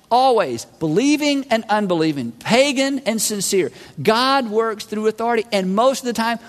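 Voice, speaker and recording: A man preaching a sermon as a pastor, animated and acting out voices of listeners and God. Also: sits high, normal speed, hardly any pauses. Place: large church hall. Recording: long hall reverb.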